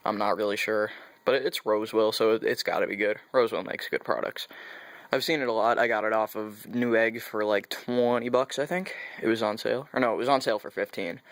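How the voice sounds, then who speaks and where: Recorded dry, a young man with a lowish, fairly bright voice vlogs about his computer parts for YouTube. The tech overview is casual and meandering, full of self-corrections and sarcastic remarks.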